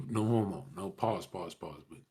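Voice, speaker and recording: A man's voice: low-pitched, normal speed, mellow. A young man talking casually to his viewers, rambling in slang, swearing often and calling everyone bro. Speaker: streamer talking to chat.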